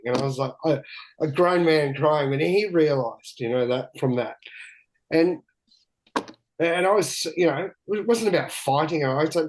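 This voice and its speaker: A man's voice: fairly high pitch, poor audio. A man, a guest telling candid stories in a rambling, profane way with many restarts. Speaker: guest, big-wave surfer. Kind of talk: candid storytelling chat.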